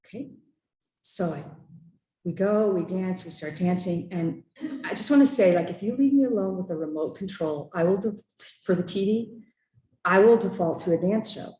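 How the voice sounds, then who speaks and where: Animated woman telling a story, echoey hall. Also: fairly low pitch, moderate pace, a little hiss or hum. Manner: animated, laughing, with acted-out quotes. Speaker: church member sharing a story. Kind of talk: personal storytelling at a church gathering. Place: church hall.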